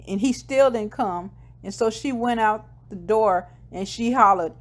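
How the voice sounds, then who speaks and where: A woman with a voice on the high side speaks at a measured pace, casually recapping a TV episode scene by scene. She quotes the characters' lines in her ordinary voice, with the occasional filler and self-correction along the way.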